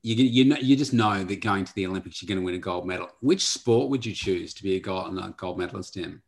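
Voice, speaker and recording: A male podcast host in a casual chat, asking quick-fire questions. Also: low-pitched.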